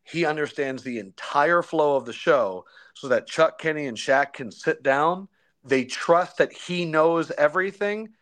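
A young man talks casually in an interview, easygoing and full of slang. He tells stories with animated energy and briefly mimics his colleagues. His pitch sits in a plain middle range. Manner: animated storyteller, slangy, does quick impressions. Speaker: sports broadcaster guest.

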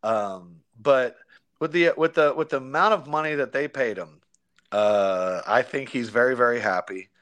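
Slangy, animated young man telling stories. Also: mid-range voice. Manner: animated storyteller, slangy, does quick impressions. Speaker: sports broadcaster guest. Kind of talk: casual interview chat.

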